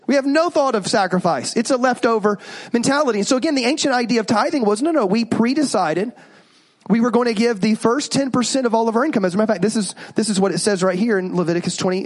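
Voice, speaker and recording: A pastor in his thirties preaching a sermon, animated and joking as he tells stories and asks the congregation questions. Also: sits high.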